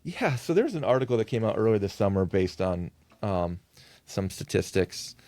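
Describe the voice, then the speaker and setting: A man who is a lead pastor, talking as a guest on a podcast in a thoughtful, measured way with frequent fillers. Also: fairly low pitch, sing-song, mellow, dry recording. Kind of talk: conversational podcast interview.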